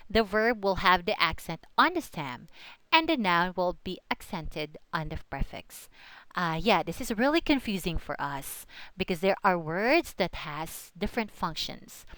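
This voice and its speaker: A woman's voice: mid-range voice, pushed and bright, no echo, poor audio. A young woman giving a recorded English pronunciation lesson, spelling out letters and repeating example words. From Philippines. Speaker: student presenter.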